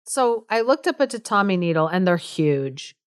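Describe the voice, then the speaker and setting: Woman co-host, casual storyteller, chatty and amused; smooth, clear voice, dry sound. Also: on the low side, very animated, moderate pace, no room sound. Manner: chatty, amused, lots of fillers.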